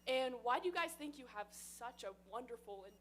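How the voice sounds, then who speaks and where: A woman's voice: high voice, lively intonation, a little hiss or hum. A woman, a local newspaper reporter, eagerly asking a question from the audience at a fan panel. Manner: bubbly, eager, halting with fillers.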